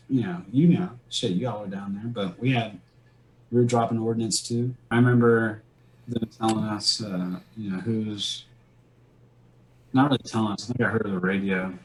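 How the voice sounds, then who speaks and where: A man's voice: fairly low pitch, rough recording. A man in his thirties, an army veteran, telling war stories in a blunt, rambling, heavily profane way. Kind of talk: casual war storytelling.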